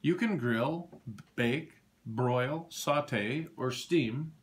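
A man's voice: mid-range voice, drawn-out words. Tractor Mac, a kindly wise farm tractor, voiced by a man. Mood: patient. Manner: calm, patient, explaining.

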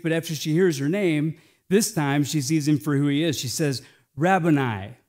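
This male American pastor's voice runs fairly high as he preaches. He moves back and forth between quiet, drawn-out phrasing and forceful, loud declarations.

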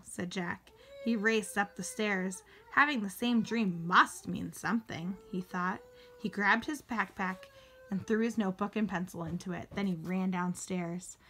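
A woman's voice: fairly low pitch, fairly even intonation, moderate pace, pushed and bright. A woman reading a children's chapter book aloud, lifting her voice for the children's lines and sometimes restarting a word. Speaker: reader.

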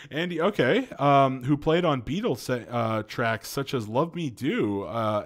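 A man hosting an online video, reading a news article aloud and breaking in with his own reactions, filler words and remarks to viewers. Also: medium pitch. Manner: reads aloud with frequent interjections and fillers, addresses viewers as folks.

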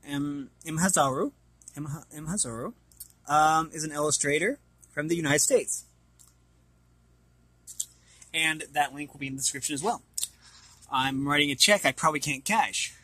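Man, bright husky voice, casual hesitant reading, stumbles over names. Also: fairly high pitch, no echo. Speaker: YouTuber reading an art book aloud.

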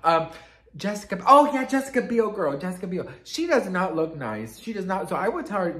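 A man telling a casual gossip storytime on his vlog, sassy and expressive, swearing freely and calling the viewer "girl". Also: fairly high pitch, quick pace, echoey room. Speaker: vlogger.

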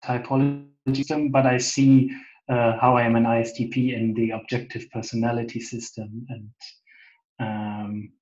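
A man with a German accent, talking in a casual interview over a video call, hesitant with many restarts and soft laughs. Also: mid-range voice, little pitch movement, normal speed. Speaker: interview guest. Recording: echoey, dull lo-fi call audio.

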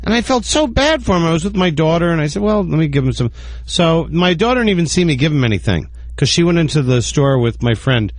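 A man's voice: a little high, lively intonation, quick pace, no echo. Chatty male storyteller on radio. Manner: chatty storyteller, acts out people he quotes. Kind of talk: casual radio talk.

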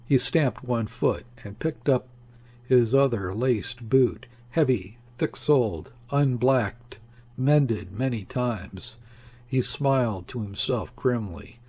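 Gravelly, breathy male narrator reads a classic novel as an audiobook at a measured, steady pace. His mid-pitched voice carries a rough, husky edge. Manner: measured, even literary reading. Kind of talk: scripted narration.

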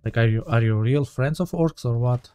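A man talks through his gameplay in a loose, rambling way, often stopping to correct himself. His voice sits at a middle pitch with a mellow, dark tone, and faint game music plays behind him. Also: normal speed, smooth, dry recording. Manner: rambling, thinking aloud, self-correcting. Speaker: gaming channel host. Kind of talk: let's play commentary.

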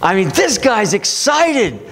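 A man's voice: high voice, very animated, slow pace, a bit bright. A man preaching a sermon as pastor, talking in a conversational way and acting out the voices of people he quotes.

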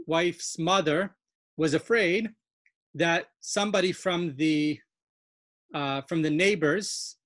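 A woman's voice: deep voice, no echo. A woman leads an online language lesson over a video call, bubbling with self-confessed nerdy enthusiasm. She explains word origins with plenty of "um"s and "uh"s. Her voice sits close and dry. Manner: enthusiastic, self-described nerd, explains with many fillers. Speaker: Yiddish dialect instructor. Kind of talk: online webinar lecture.

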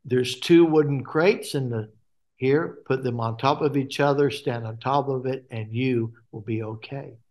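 A man quoting God's soft calm voice. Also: mid-range voice, a little slow, close to an everyday voice. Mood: soothing. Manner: soft and stilling. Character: calm, loving male voice of God.

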